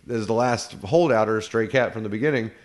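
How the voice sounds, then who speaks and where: A man co-hosting a casual review chat, retelling scenes and swearing freely. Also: on the low side. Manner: retells scenes with quick put-on character voices, swears often. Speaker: podcast co-host reviewing a horror episode.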